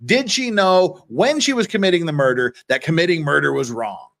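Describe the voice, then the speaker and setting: A man's voice: a little high, lively intonation, fairly quick, vocal fry, fairly bright tone. Blunt, profane man hosting a livestream. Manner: blunt, profane, rambling with restarts. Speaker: legal commentary livestream host. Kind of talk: casual livestream commentary, reading viewer comments.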